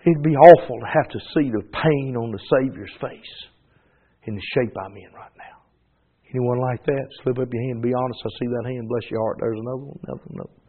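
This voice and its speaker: A male preacher from North Carolina with a Southern accent, giving a fervent sermon and altar call that swings from loud exhortation to a hushed plea. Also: mid-range voice, brisk, phone-quality sound. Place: church service.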